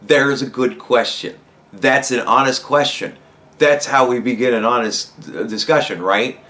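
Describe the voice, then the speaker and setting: A young man hosting a podcast, ranting heatedly with constant swearing and rising to shouts. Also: mid-range voice, unhurried. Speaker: podcast host. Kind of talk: profane rant commentary.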